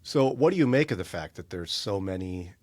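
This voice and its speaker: A man's voice: low voice, animated, brisk, a little mellow, dry recording. A man hosting a podcast, asking questions and teasing his guest in a playful way. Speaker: podcast host. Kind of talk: conversational podcast interview.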